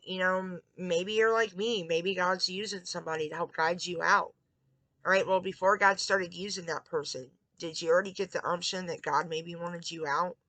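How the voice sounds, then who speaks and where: Woman vlogger, gravelly bright voice, candid confiding tarot talk, dry close sound. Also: on the low side, no echo, low-quality recording. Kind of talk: casual spiritual tarot talk.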